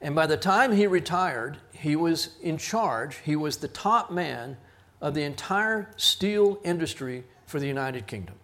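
A middle-aged man leads a Bible study in a somewhat high voice. He teaches through personal stories, raising his voice to act out the people he quotes and chuckling at himself along the way. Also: expressive, unhurried, a bit bright. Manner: storytelling, quotes others in raised voice, chuckles at himself. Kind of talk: sermon.

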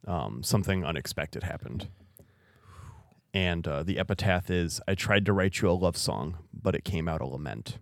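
Low-voiced, wry podcast co-host man. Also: lively intonation, moderate pace, gravelly, no echo, clean studio sound. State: recovering from illness. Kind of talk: casual chat.

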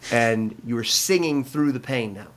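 A man's voice: medium pitch, moderate pace. A middle-aged man from the United States, a pastor, telling his personal testimony in an interview, earnest and full of restarts and fillers.

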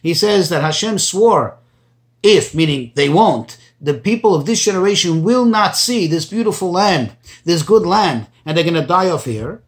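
A man teaching a Torah class, reading Hebrew phrases and translating each one into as he goes. His pitch jumps up when he stresses a point. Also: lively intonation, moderate pace. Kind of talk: Torah class explaining commentaries.

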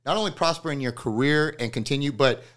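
A man's voice: medium pitch, fast, a bit bright. A man hosting a podcast, speaking earnestly and gratefully to his guest in a studio. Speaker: podcast host. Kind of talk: casual interview chat.

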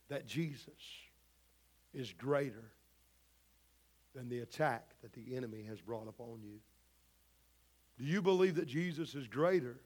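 A man's voice: mid-range voice, darkish tone. A man preaching a sermon, pressing the same rhetorical questions again and again in a preaching cadence.

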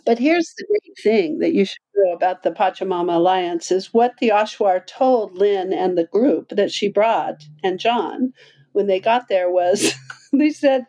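A woman guest on a podcast, telling a long travel story in lively conversation, laughing often and acting out quoted voices. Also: unhurried, muffled recording. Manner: animated, acts out quoted voices with big pitch jumps; laughs often while talking.

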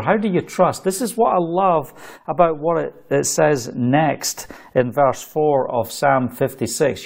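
A man's voice: on the high side, gravelly. A Scottish man preaching a sermon, exhorting listeners fervently with jokey asides.

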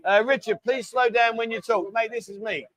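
A man's voice: extremely high pitch, steady tone, moderate pace, fairly bright tone, dry recording. Chatty man hosting a live stream. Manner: chatty, reads out viewer messages, calls people mate. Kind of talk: casual live chat with viewers.

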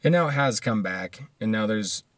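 A man's voice: fairly low pitch, animated, moderate pace, fairly bright tone, dry recording. A man, ranting casually and profanely in a monologue, laughing often between points.

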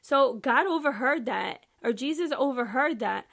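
High-voiced, animated woman reading scripture. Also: moderate pace, gravelly. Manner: animated, emphatic and chatty, addressing listeners directly. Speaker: podcast host. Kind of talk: casual Bible reading with commentary.

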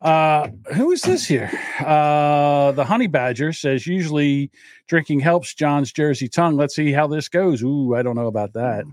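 A man's voice: a little high, expressive, normal speed, darkish tone, no room sound, studio quality. A man hosting a casual after-show podcast, rambling a little tipsy and reading viewer comments aloud. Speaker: podcast host. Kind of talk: casual drunken chat.

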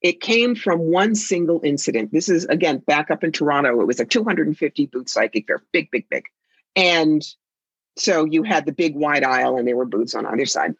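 A husky, breathy-voiced woman talking as a guest psychic, sassy and theatrical as she tells her stories. The sound is dry and a bit muffled, like a lo-fi recording. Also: low voice, animated, fairly quick, no echo. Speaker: psychic and author. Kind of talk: interview conversation.

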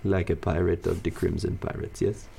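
A man serving as game master, narrating a tabletop game and voicing its characters in a measured, deliberate way. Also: deep voice, level tone, creaky, warm tone, a little hiss or hum.

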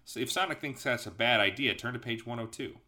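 A man's voice: medium pitch, fast, bright, forceful tone. A man hosting a podcast, reading a gamebook aloud as game master with laid-back, wry banter.

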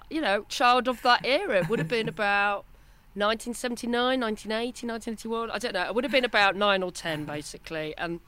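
Animated self-mocking woman in her fifties. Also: a little high, fast, no room sound. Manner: animated, self-deprecating storytelling. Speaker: podcast guest, broadcaster. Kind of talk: casual interview chat.

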